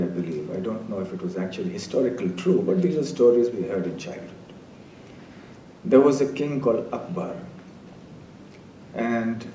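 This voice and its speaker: An older man giving a spiritual lecture built around stories, speaking in a measured, deliberate way and often clearing his throat. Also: dark tone. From India. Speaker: spiritual preacher, keynote speaker. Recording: roomy distant hall sound, faint rumble.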